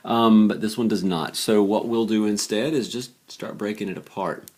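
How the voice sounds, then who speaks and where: Tired low-voiced man teaching math. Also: fairly even intonation, normal speed, a little mellow. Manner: chatty, thinks aloud while solving, self-deprecating. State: tired, late at night. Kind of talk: casual worked-example math lesson.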